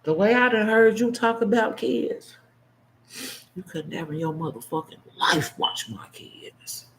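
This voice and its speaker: A man in his fifties delivering an unscripted, emotional monologue as a vlogger, blunt and impassioned, swinging between heated outbursts and hushed, choked-up asides. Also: sits high, measured pace, a little hiss or hum, rough recording. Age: 50s.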